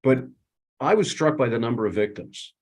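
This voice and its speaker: A man's voice: medium pitch, expressive, normal speed. A man, an attorney co-hosting a casual legal discussion, talking conversationally with many fillers. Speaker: attorney and co-host.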